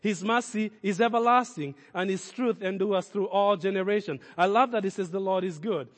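A man's voice: high voice, moderate pace, big-room sound. A man preaching a sermon as a pastor, speaking in emphatic, repeated declarations.

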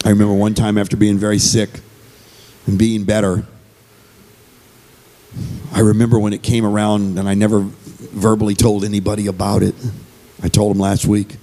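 A man's voice: on the low side, monotone, moderate pace, long pauses, dark tone. A man giving an earnest, conversational sermon as a visiting speaker and singer, repeating phrases as he goes.

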